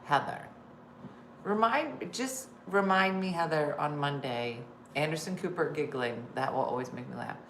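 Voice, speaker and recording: A woman's voice: deep voice, moderate pace, fairly bright tone, roomy sound, a little hiss or hum. A middle-aged woman hosting a casual live stream, chatty and laughing, reading viewer comments aloud. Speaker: host.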